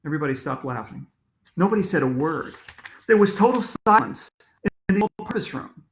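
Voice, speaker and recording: A man reads a children's storybook aloud in a lively, expressive way, his voice sitting a little high for a man. An echoey room rings around him. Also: brisk. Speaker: author reading his book to children.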